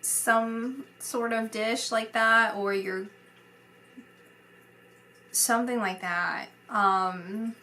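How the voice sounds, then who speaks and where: A woman's voice: on the high side, steady tone, drawn-out words, pauses often, bright, forceful tone. A woman psychic medium giving a casual spoken reading, rambling and hesitant with many fillers.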